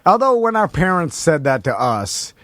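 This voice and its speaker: A man's voice: a little high, big pitch swings, moderate pace, fairly bright tone, dry recording, clean studio sound. A man co-hosting a podcast, ranting casually and laughing often. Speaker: podcast co-host; father of young sons. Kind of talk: casual chat.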